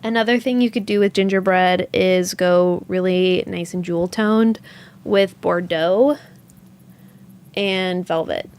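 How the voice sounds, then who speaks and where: A woman's voice: fairly low pitch, fairly even intonation, slow, darkish tone, clear, resonant tone. A woman hosting a yarn shop livestream, chatting casually, thinking aloud and answering viewer comments as she goes. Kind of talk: casual live-stream chat.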